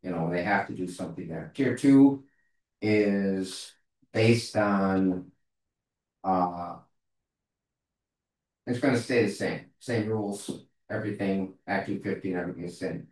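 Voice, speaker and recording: A man in a casual meeting discussion, talking haltingly as he searches for words. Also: low-pitched, a little mellow. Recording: echoey room, far from mic.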